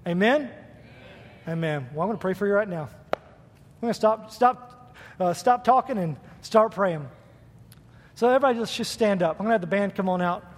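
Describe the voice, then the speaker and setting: A man preaching a fervent sermon as a youth pastor in a church, with bursts of loud praise. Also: high voice, lively intonation, normal speed, long pauses, in a large hall. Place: church sanctuary.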